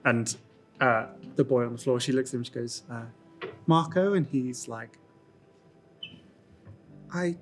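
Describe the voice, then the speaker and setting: Game master, man, mid-pitched; loose, casual narration with lots of fillers. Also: level tone, normal speed, faint music behind.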